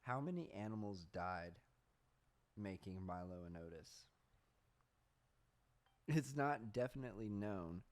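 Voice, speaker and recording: Young male podcast host, lowish voice, loose rambling storyteller who swears freely. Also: expressive, measured pace, pauses often. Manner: rambling, swears often, laughs at himself; reads search results aloud. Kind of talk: casual storytelling chat.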